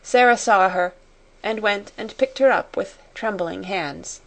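A woman reading a classic story aloud in a measured, expressive way. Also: mid-range voice. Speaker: audiobook narrator. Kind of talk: scripted storybook narration.

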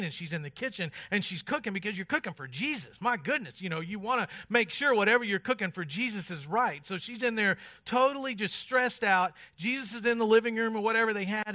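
A man's voice: fairly high pitch, bright, forceful tone. A middle-aged man preaching a sermon in a conversational way, acting out the voices of people in the stories he tells. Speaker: pastor.

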